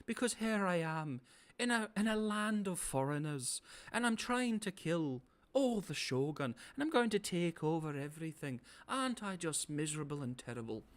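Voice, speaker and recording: A boastful colonial villain, as a man puts him on, gloating in a hammy lilt. The voice leaps high and swoops wildly, as if mocking the character, and he sounds theatrical and full of himself. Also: lively intonation, normal speed, close to an everyday voice. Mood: mock-villainous. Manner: gloating, mocking, over-the-top.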